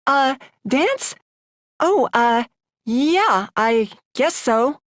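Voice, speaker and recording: Brief: older woman playing a nervous teenage girl, high-pitched, stammering, dry close audiobook sound. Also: normal speed, dry recording. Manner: stammering, panicky. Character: flustered nervous teenage girl, her younger self.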